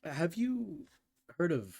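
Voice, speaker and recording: A man's voice: fairly high pitch, very animated, slow pace, creaky, darkish tone, slightly rough, voice pushed up, exaggerated voice. A man voicing a composed, worried queen who formally explains her husband's curse. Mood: grave, explaining.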